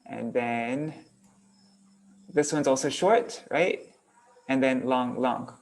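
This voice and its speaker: Guy with a gravelly voice teaching a verse meter class, easygoing, talks to himself while working on screen, chants syllable patterns. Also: medium pitch, takes it slowly. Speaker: kirtan teacher.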